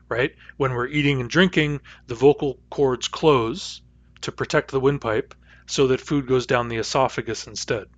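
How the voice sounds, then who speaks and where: Male instructor, patient phonetics lecture, mid-pitched, dry close sound, models each sound aloud. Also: a bit bright, no room sound. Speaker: language teacher.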